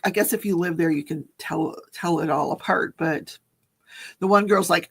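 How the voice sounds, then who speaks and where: A woman's voice: on the low side, takes it slowly, vocal fry, pauses often, breathy edge. A woman hosting a casual livestream chat, reading viewer comments and telling stories with frequent laughter. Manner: chatty, laughs often, storytelling. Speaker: livestream host.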